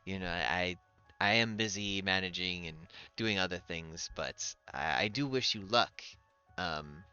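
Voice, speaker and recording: Man voicing a nervous polite lord, halting, low-pitched, dull lo-fi recording. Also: bright, forceful tone, smooth, faint music behind, full character voice. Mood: hesitant. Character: nervous, timid male lord.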